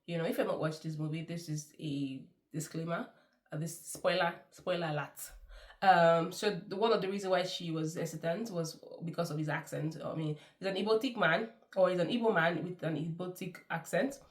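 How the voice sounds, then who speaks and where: A woman's voice: on the low side, moderate pace. A woman giving a chatty, effusive film review, laughing often. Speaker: movie reviewer. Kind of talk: casual movie review.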